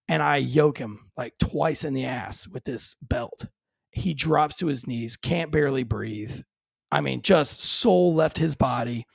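A man hosting a podcast, a former police officer telling animated stories in casual chat. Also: on the high side, creaky, breathy edge, no echo, studio quality. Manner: animated storyteller.

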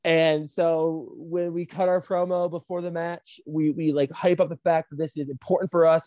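A woman, a professional wrestler, telling a story in a casual, animated and profane way. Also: deep voice, moderate pace, dry recording.

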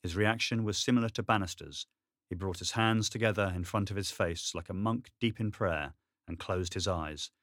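A man narrating an audiobook in a steady, measured storytelling manner. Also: low-pitched, dry recording, clean studio sound. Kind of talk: scripted narration.

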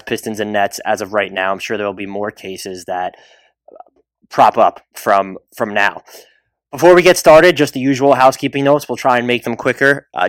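A man's voice: mid-range voice, fairly bright tone, no room sound. A man hosting a solo basketball podcast, chatty and rambling with restarts and asides. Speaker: podcast host.

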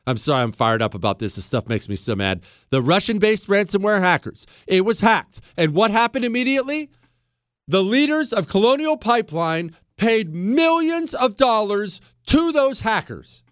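A man's voice: high-pitched, big pitch swings, normal speed, smooth, no room sound, studio quality. A man hosting a talk radio show, delivering an emphatic, fired-up monologue full of rhetorical questions. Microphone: studio microphone.

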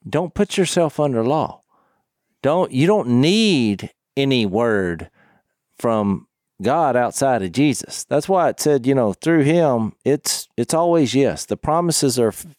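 A man's voice: mid-range voice, lively intonation, takes it slowly, darkish tone, no room sound, clean studio sound. A man co-hosting a casual Bible study podcast, speaking earnestly and reading verses aloud between his remarks. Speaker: co-host of a Bible discussion podcast.

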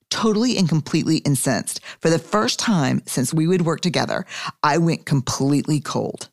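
A woman's voice: low-pitched, lively intonation, moderate pace. A woman hosting a podcast, reading her own memoir aloud with wry asides, swearing and laughing often. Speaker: podcast host.

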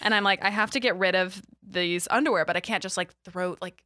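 Young woman, podcast guest, bright tone, animated storytelling, dry close mic. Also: lowish voice, fast talker, no echo. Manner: animated storyteller, many "like" fillers, laughs often. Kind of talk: casual chat, comic storytelling.

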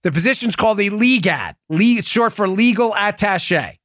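Male podcast host, combative commentary, fairly high voice, dry close sound. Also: animated, moderate pace, a bit bright, dry recording. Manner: combative, incredulous, rising to indignant outbursts. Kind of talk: heated political commentary.

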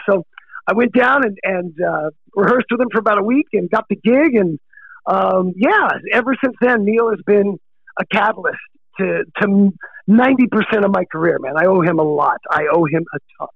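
A middle-aged American rock drummer being interviewed, excitable, laughing often and calling people dude. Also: male voice, high voice, moderate pace, creaky, slightly rough, no echo, highs cut off. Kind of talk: casual interview chat.

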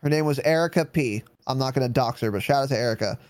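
A man's voice: medium pitch, fast, no room sound. A man in his twenties co-hosting a podcast in casual chat, blunt, profane and teasing. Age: 20s. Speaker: podcast co-host.

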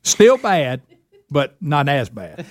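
A man with a drawl spins a long, rambling story about his own blunders, laughing at himself as he goes. His voice sits a little high for a man and sounds dry and close, with no room around it. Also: slow pace, dry recording. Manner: animated, self-mocking, rambling with restarts. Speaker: show regular telling a story. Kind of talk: casual storytelling chat.

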